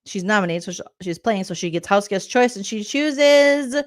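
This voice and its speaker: A woman comedian hosting a vlog, giving sassy, rambling recap commentary and slipping into quick impressions. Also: mid-range voice, lively intonation. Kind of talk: comedic reality-show recap.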